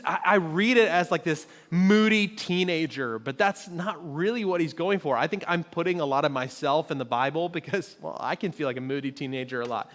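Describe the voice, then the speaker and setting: A man's voice: fairly high pitch, expressive, brisk, a bit bright. A man preaching a conversational sermon in a church auditorium, joking with the congregation and acting out quoted voices. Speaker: pastor. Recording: long reverb of a large hall.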